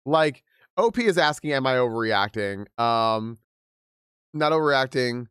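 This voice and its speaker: A young man on a livestream reads a post aloud and reacts in loose, casual chat. He laughs often and stumbles through quick restarts. His average-pitched voice sounds close and dry, with no room around it. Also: expressive, a bit bright, smooth, no echo. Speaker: livestream host.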